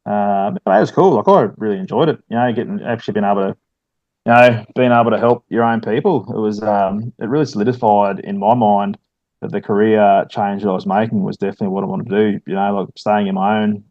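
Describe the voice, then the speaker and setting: A man's voice: lowish voice, steady tone, quick pace, a little mellow, no echo, highs cut off. A middle-aged Australian man, a firefighter and former soldier, chatting casually with lots of fillers and "mate". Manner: laid-back, many fillers, says "mate" often. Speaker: guest, firefighter and army veteran. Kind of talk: casual podcast chat.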